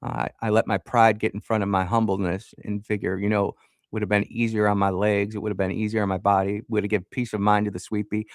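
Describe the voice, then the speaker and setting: Male radio host, lowish voice, dry studio sound, rambling storyteller. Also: flat delivery, quick pace, no echo. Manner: rambling, self-correcting, laughs at himself.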